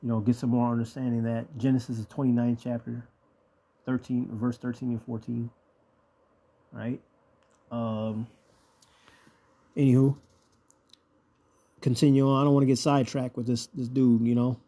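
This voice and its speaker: Husky, mellow Bible teacher man. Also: medium pitch, flat delivery, moderate pace, long pauses. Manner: conversational, keeps checking in with "right?". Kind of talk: informal scripture teaching.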